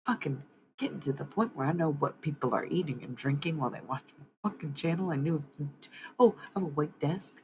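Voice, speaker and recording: Low gravelly woman streamer, cussing, laying out cards, faint noise behind. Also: animated, fairly quick. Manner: blunt, swears freely, talks back sharply. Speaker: livestream host doing card readings. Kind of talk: casual livestream chat.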